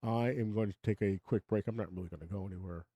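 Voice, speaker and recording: A man's voice: lowish voice, quick pace, warm tone, lo-fi sound. An older man hosting his own live stream, rambling and opinionated, chuckling as he talks to his chat. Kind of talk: casual live-stream monologue.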